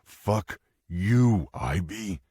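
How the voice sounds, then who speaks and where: Tough blunt biker dude, deep husky reader doing him, real low and gravelly-husky. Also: male voice, lively intonation, moderate pace, darkish tone, no echo, full character voice. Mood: angry threatening. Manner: blunt, threatening.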